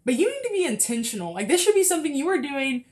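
A woman's voice: sits high, big pitch swings, quick pace, darkish tone. Young woman with a chatty faith podcast voice. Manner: chatty, frequent fillers and laughs. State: a little out of breath. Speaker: podcast host. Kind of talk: casual faith talk. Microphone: close mic.

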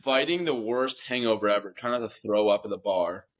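A young podcast co-host with a lowish voice talks fairly quickly, telling a rambling story in casual chat and swearing freely.

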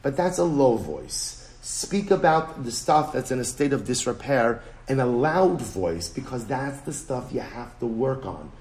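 Man, rabbi, Talmud lesson, animated, emphatic, repeats key phrases, mid-pitched voice. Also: unhurried, hardly any pauses. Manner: animated, emphatic, repeats phrases, switches between English and Hebrew-Aramaic terms. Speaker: rabbi teaching daily Talmud page. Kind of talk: Talmud lecture.

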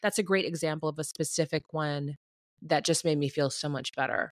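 A woman's voice: sits low, fairly quick, no echo. Earnest woman podcast host, dry sound. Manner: warm, earnest, personal, rambling. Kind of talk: podcast conversation.

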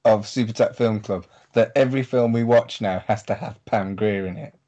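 Male podcast co-host, lower voice, enthusiastic about favorite scenes. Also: fairly even intonation, moderate pace, dark tone, dull audio. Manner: enthusiastic, gives verdicts on scenes. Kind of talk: casual chat.

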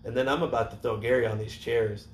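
A man spins a casual story, loose and animated, swearing freely and getting louder when he acts out scenes. His voice sits in the middle range. The room is echoey, with a faint hiss under it. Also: mid-range voice, fast talker. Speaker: podcast co-host and wrestler. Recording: roomy studio with faint hiss.

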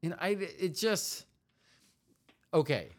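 A man's voice: sits high, very animated, slow. A man co-hosting a podcast, chatting casually with his partner in a rambling, joking, self-deprecating way. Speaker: podcast co-host.

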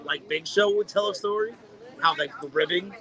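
Animated, high-voiced man telling stories. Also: normal speed, rough recording. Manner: animated, profane storytelling with acted-out quotes. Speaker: podcast co-host. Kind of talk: casual storytelling chat.

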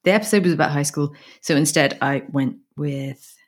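Low-voiced chatty woman. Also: normal speed. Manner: chatty, laughs often. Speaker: podcast co-host. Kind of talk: casual chat about music.

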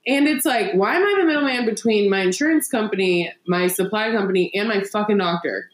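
A woman's voice: mid-range voice, a little fast, few pauses. A young woman co-hosting a podcast, venting in casual chat, exasperated and swearing as she acts out phone calls. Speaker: podcast co-host. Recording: roomy echo.

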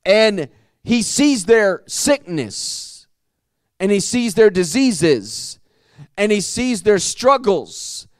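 A man preaching a sermon in a high, smooth, resonant voice. He drags out key words and repeats himself as the passion builds. The sound is close and dry. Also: sing-song, no echo. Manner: impassioned preaching, drawn-out emphatic phrases, repeats words. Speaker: pastor. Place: church sanctuary.

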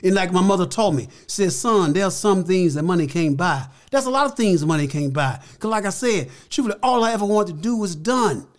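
A man's voice: high-pitched, lively intonation, fairly quick, few pauses. An older man, a podcast guest, telling stories in an emphatic, folksy way and repeating his phrases. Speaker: interview guest. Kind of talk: casual storytelling.

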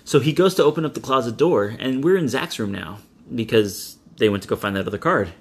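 A man's voice: medium pitch, fairly quick, husky. A man co-hosting a casual podcast, retelling a film's plot in a loose, rambling way. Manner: rambling retelling with quoted asides. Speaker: podcast co-host recapping a movie. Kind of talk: casual chat.

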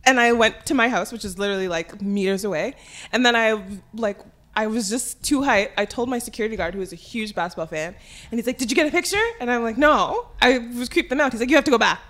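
Lively bright-voiced young woman telling stories. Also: fairly high pitch, fast. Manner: animated, giggly storyteller with squealing quoted voices. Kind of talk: casual storytelling chat.

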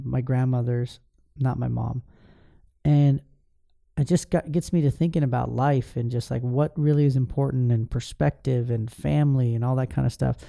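A man in his forties with a dark, gravelly voice tells a personal family story on his podcast. He talks candidly and emotionally, often stumbling and restarting his sentences. The sound is close and dry, with no room around it. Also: mid-range voice, dry recording. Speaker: podcast host.

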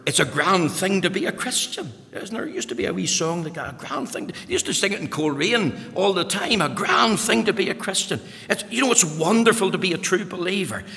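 A man preaching a sermon, swinging between loud, fervent exclamations and hushed asides. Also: a little high, gravelly, big-room sound. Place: church.

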